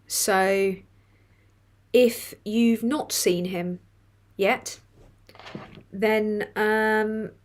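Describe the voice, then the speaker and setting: A woman's voice: mid-range voice, fairly even intonation, drawn-out words, pauses often. A woman hosting a casual live stream, reading chat comments aloud with swearing and laughter. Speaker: livestream host reading chat.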